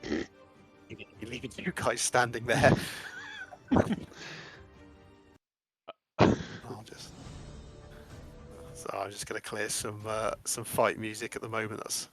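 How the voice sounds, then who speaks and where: A man's voice: fairly low pitch, steady tone, slow, long pauses, fairly bright tone. A man narrating a tabletop game as game master, rambling with many restarts. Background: faint music.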